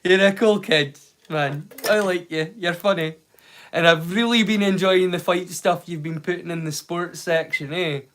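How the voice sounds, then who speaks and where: Scottish guy streaming, high-pitched, swears a lot, takes the piss out of chat. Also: normal speed, a bit bright. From Scotland. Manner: teasing banter, swears freely. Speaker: live streamer. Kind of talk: casual chat with live viewers.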